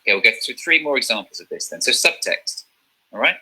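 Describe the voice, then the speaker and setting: A man's voice: medium pitch, sing-song, fast, sharp tone, breathy edge, low-quality recording. A man teaching a drama revision lesson, explaining step by step and checking in with "okay?".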